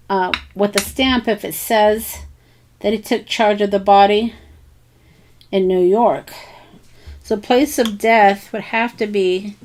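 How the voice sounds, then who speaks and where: A woman's voice: medium pitch, a little mellow, a little hiss or hum. A woman hosting a crafting tutorial, thinking aloud in a casual, hesitant way with many ums and bits of self-talk. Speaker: craft channel host.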